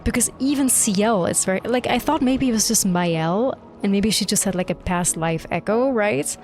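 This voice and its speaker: A young woman streamer reacting live to a game, excitable and gushing, swearing freely. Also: medium pitch, normal speed. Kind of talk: live gameplay reaction commentary. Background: faint game music.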